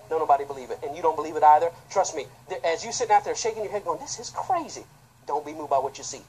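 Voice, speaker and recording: A man, a pastor, preaching an impassioned sermon that swings between loud outbursts and quiet, low asides. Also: lively intonation, rapid-fire, rough recording. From United States.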